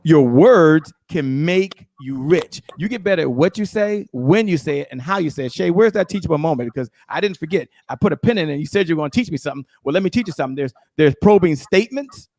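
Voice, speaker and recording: A middle-aged man giving an energetic, emphatic motivational talk on sales as a guest speaker, repeating his key phrases. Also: on the high side, very fast, few pauses, no room sound, studio quality.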